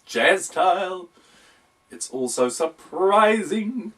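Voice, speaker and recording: A man's voice: high voice, lively intonation, slow pace, a bit bright, slight background noise, voice pushed up, exaggerated voice. A man voicing a giddy, theatrical six-foot bookworm who loves showing off, exclaiming every line. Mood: gleeful. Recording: voice distant from the mic.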